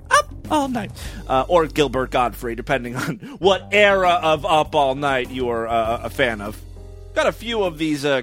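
A man hosting a comedy show, making dry sarcastic asides with filler pauses. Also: fairly high pitch, a bit bright. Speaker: comedy podcast host. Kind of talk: deadpan comedic monologue.

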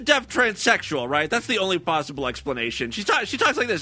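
A male host talks in a high, bouncy voice that swings all over the place. He keeps up a crude, sarcastic running commentary on clips. His tone is bright and edgy, with faint music underneath. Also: very animated, brisk, husky. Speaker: podcast host. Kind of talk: comedic talk show commentary.

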